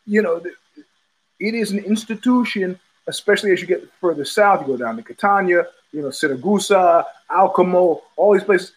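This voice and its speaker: A man hosting his own show, talking in a loose, halting monologue, often repeating words and chuckling as he goes. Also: high voice, husky, poor audio. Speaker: podcast host. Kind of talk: rambling casual monologue.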